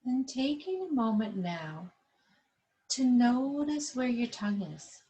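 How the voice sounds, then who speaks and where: A woman yoga instructor leading a class over a webcam, giving calm, slow guided instructions. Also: fairly high pitch, rough recording.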